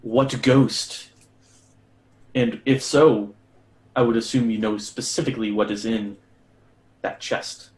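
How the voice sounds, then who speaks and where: A possessive ghost speaking in a deep, gravelly voice, put on by a man running a tabletop game. He talks slowly and haughtily in a plain middle pitch. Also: fairly even intonation, darkish tone, close to an everyday voice. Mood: suspicious. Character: possessive male ghost guarding treasure.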